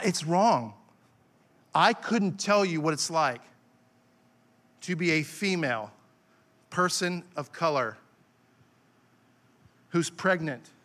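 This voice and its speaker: Male preacher, higher-pitched, fervent sermon delivery, self-deprecating asides. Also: bright, forceful tone. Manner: impassioned, rising to emphatic peaks. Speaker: pastor. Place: church.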